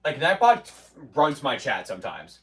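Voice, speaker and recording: A man streams from a basement gym at a moderate pace, his medium-pitched, slightly bright voice swinging hugely in pitch on a distant mic. He chats loosely with viewers, rambling, restarting sentences, and mock-quoting chatters.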